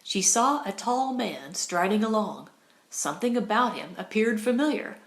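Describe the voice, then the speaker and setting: A woman with a mid-range voice reads a scripted audiobook narration in a measured, expressive storytelling style. The recording carries a roomy echo.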